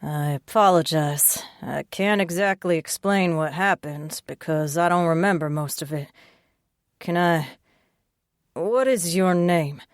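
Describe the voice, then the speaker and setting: A woman's voice: fairly low pitch, slow, clean tone, dry recording, clean studio sound. Woman reading a bashful, polite shifter man. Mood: apologetic. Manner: bashful, courteous. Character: polite soft-spoken Southern shifter man. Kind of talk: audiobook character voice.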